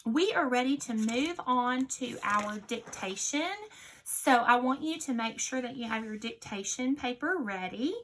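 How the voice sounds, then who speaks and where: A woman teacher leading a recorded phonics dictation lesson, sounding out each word slowly and deliberately. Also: fairly high pitch, expressive, a bit bright, a little hiss or hum.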